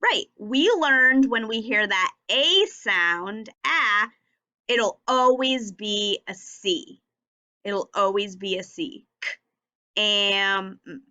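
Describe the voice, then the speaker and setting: A woman teaching a recorded phonics and punctuation lesson for young children, speaking slowly and enunciating each word and sound clearly. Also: mid-range voice, animated, bright, forceful tone.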